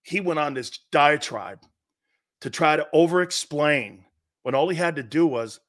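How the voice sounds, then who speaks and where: Animated middle-aged man lecturing on sports. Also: on the high side, unhurried. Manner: animated, lecturing, rhetorical questions. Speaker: sports talk host. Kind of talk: casual sports talk.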